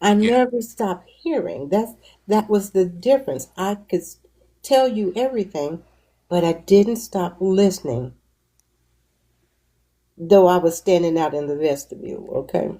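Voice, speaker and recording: A woman hosting a talk show, telling her own stories in a slow, reflective way. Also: fairly low pitch, mellow, poor audio. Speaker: host. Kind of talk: casual conversation.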